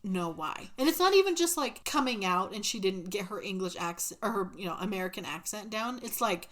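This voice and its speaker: A woman's voice: mid-range voice, animated, a little fast, fairly bright tone. A woman co-hosting a podcast, casually and sarcastically retelling a movie's plot with laughs. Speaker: podcast co-host. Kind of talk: casual chat recapping a movie.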